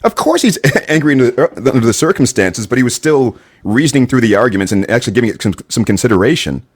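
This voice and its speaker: A man's voice: mid-range voice, lively intonation, fast talker, husky. A man co-hosting a casual podcast discussion, reasoning through a point hesitantly with many restarts. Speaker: podcast co-host.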